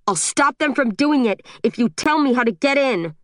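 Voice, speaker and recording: A woman's voice: high voice, lively intonation, moderate pace, no room sound, voice pushed up. A ruthless young woman interrogator, cold and pressing in manner, voiced by the woman reading the book. The sound is dry and close, with nothing behind it.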